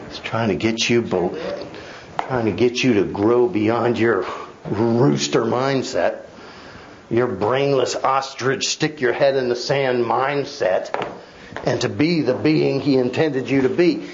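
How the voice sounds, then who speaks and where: A man's voice: a little high, muffled recording, a little hiss or hum. A male pastor giving a Bible study sermon, emphatic and conversational, with wry asides to his congregation. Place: church.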